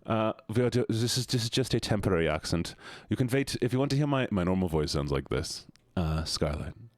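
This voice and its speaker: A man's voice: fairly low pitch, lively intonation, a little fast, dry recording, clean studio sound. Playful male streamer with put-on accents. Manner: playful, jokey, keeps slipping into put-on accents and silly voices. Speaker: livestreamer. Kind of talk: casual live-stream chat with viewers.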